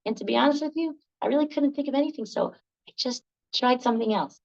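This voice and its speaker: An older woman leading a laughter workshop, telling lively stories, laughing often and acting out the voices of the people in them. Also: high voice, fast talker, vocal fry, dull audio. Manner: animated, laughs often, acts out quoted voices. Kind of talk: storytelling workshop talk.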